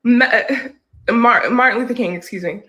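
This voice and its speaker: A woman's voice: fairly high pitch, normal speed, bright, forceful tone. A woman giving indignant, argumentative commentary to camera, full of rhetorical questions. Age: adult. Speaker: social media commentator.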